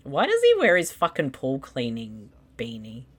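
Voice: mid-range voice, huge pitch swings, normal speed, breathy edge. A co-host in a casual movie commentary chat, teasing the other host and laughing often. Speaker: podcast co-host.

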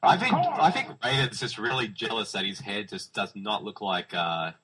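A man riffing on a movie with friends, cracking crude jokes. His voice is bright and tense, a little husky, and swings widely in pitch. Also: very animated, moderate pace, low-quality recording. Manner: joking, crude. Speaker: movie commentary participant. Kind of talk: casual group movie commentary.

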